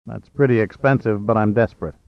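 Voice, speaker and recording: A man voicing an exhausted, wry adult man with a low, drowsy murmur and dry humor. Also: a little fast, creaky, dry recording. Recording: slightly dull, dry.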